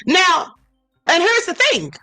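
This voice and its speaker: Sassy livestream host, woman, high bright voice, dry sound. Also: wildly swooping pitch, slow, dry recording, soft background music, low-quality recording. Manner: sassy, emphatic, addresses chat directly. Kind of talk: livestream commentary.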